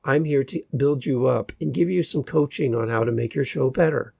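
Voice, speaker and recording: A man hosting his own podcast, talking alone in a slow, deliberate way with long pauses between phrases. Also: mid-range voice, gravelly, a little mellow, slightly rough, dry recording, studio quality. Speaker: podcast host and editor. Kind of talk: solo podcast monologue.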